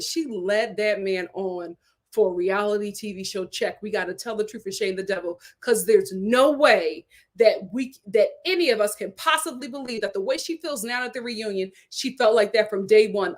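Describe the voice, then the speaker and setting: A woman hosting a live-stream recap of a reality show, talking in a dramatic, animated way and laughing often. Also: fairly high pitch. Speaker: reality TV review host.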